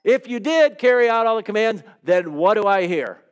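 Stern old prophet, blunt, skeptical, higher pitch, as a man puts him on. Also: animated, moderate pace, clean tone. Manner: blunt, unconvinced.

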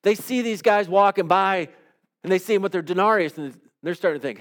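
A man's voice: high-pitched, a little fast, fairly bright tone. A man preaching a sermon in a conversational way, often putting questions to his listeners. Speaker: pastor.

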